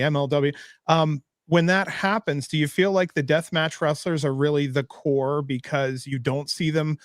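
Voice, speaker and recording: A man with a somewhat high voice chats on a podcast, laughing easily and rambling through long questions. His sound is dry and close. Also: no echo. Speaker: podcast guest. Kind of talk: casual podcast chat.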